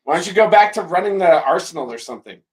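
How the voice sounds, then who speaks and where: A man's voice: sits high, lively intonation, fast, a little hiss or hum. A man co-hosting a casual sports podcast, joking and laughing often with his friends. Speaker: podcast co-host. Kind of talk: casual chat.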